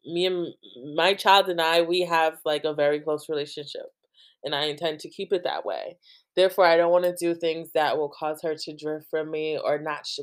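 A young woman from New Jersey hosts a podcast in a loose, rambling, casual chat, leaning heavily on "like" and often breaking into laughter. Her voice sits low for a woman.

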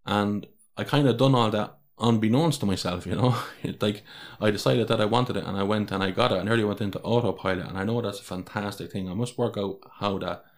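Deep-voiced Irish man, rambling solo podcast. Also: a little fast. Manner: rambling, candid, swears freely. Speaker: podcast host.

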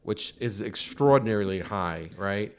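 Relaxed male podcast host. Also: on the low side, unhurried, clear, resonant tone. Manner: relaxed, explanatory. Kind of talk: casual sports chat.

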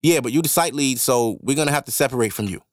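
Guy doing his ex manager, flat businesslike voice, evasive, dry sound. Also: mid-range voice, quick pace, no echo, close to an everyday voice. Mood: matter-of-fact. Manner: matter-of-fact, evasive.

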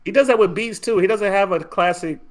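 Brief: man, slightly high voice, easygoing co-host, laughs a lot. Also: fairly quick. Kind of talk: casual chat about music.

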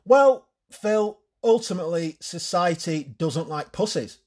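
A man doing a blunt, deadpan young woman psychologist. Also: sits high, measured pace, voice pushed up. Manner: dry, deadpan.

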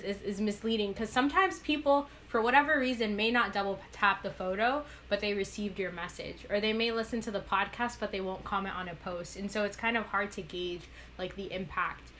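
A woman's voice: medium pitch, fairly even intonation, brisk, few pauses, a bit bright, a little hiss or hum. A young adult woman, a guest and activist on a podcast, speaking earnestly and reflectively with many "like" fillers in casual conversation.

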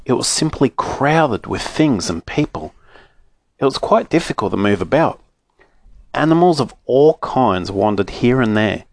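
A man reads a children's story aloud with an expressive, animated delivery. His pitch rises and falls a great deal around a middle level. The recording is dry and close. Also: a little slow, no room sound.

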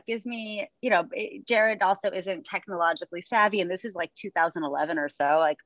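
A woman running coach, chatting on a podcast, telling lively stories and often laughing. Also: fairly low pitch, a little fast, hardly any pauses, no room sound, lo-fi sound. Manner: chatty storyteller, laughs often, acts out quotes. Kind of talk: casual chat.

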